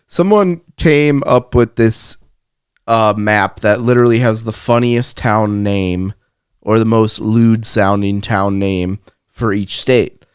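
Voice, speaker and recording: A man co-hosting a podcast in casual chat, laid-back and quick to laugh along. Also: on the low side, clear, resonant tone, no room sound, clean studio sound. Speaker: podcast co-host.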